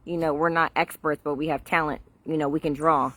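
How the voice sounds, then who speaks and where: A woman's voice: sits low, fairly even intonation, brisk, fairly bright tone, no echo. A middle-aged woman chatting casually on a garden livestream, rambling and laughing often, recorded outdoors on a phone.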